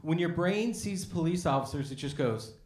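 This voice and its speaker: A man's voice: on the high side, lively intonation, normal speed, darkish tone. American man doing a stand-up set in an echoey café. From United States. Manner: conversational storytelling with acted-out voices. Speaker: stand-up comedian. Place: café stage with a live audience. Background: audience laughter.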